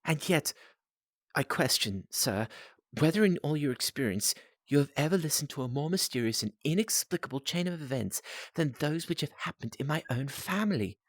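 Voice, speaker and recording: A man reads aloud as an anxious young gentleman, pitched well above his own low voice. The pleas come out earnest and urgent. The sound is close and dry. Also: expressive, moderate pace, no room sound.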